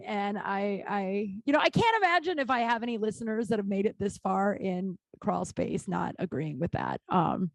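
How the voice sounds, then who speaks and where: A woman's voice: medium pitch, expressive, moderate pace, creaky, few pauses, no echo. Blunt, profane woman podcaster. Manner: blunt, swears freely, rambling with many restarts. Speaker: podcast host. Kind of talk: casual solo monologue. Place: small closet at home.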